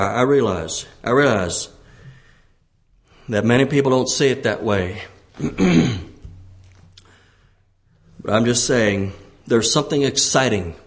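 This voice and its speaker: A man preaching a sermon as pastor, often repeating his phrases and clearing his throat, his pitch climbing when he exhorts. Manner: frequent throat clearing and restarts.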